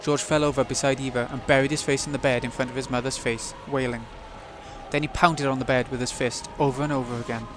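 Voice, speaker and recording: A man reading the narration of a visual novel aloud as a let's play, in a steady storytelling read. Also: mid-range voice, quick pace, noisy background.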